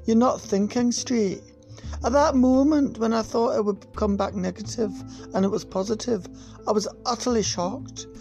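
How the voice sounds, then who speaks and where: A man doing an impression of a flustered, defensive Scottish woman politician, in a high, strained mock Scottish accent. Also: steady tone, moderate pace, creaky, darkish tone, soft background music.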